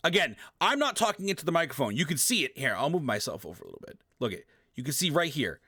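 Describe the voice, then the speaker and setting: A man's voice: on the high side, fast, breathy edge, no room sound, studio quality. A man streamer giving a casual, emphatic tutorial, swearing and repeating himself, talking past a desk microphone at his home gaming setup. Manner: emphatic, repetitive, swears, animated sound effects. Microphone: desk microphone, often turned away.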